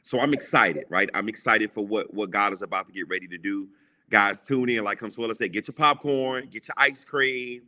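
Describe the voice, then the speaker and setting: Speaking at normal speed, this man has a lowish voice with a bright, forceful tone. An entrepreneur and creator of a TV show appearing as a guest, he preaches motivation with emphatic delivery and repeats lines to drive points home.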